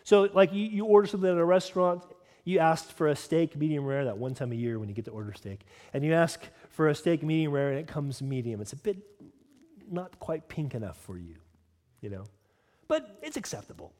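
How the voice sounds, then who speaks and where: A man's voice: a little high, brisk, darkish tone. A man preaching a sermon as a pastor, moving between earnest teaching and casual conversational asides. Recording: long hall reverb.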